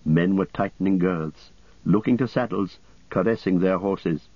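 In a low, husky voice, a male narrator reads an audiobook at a steady, measured pace. It's scripted narration, recorded dry and close with a slightly dull sound.

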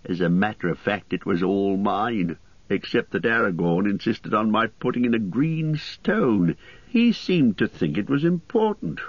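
A brisk, chatty old hobbit poet with a teasing edge, as a male audiobook reader puts him on. He jumps up and down in pitch as he talks. The storybook recording is dry and a little dull. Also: expressive, no echo. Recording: dry, slightly muffled studio audio.

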